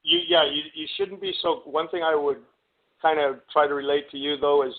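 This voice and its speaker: A man's voice: on the high side, huge pitch swings, a little fast, vocal fry. A man calling in to a radio show, talking earnestly and hesitantly, with many restarts. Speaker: caller. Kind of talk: casual call-in radio chat. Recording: tinny phone line.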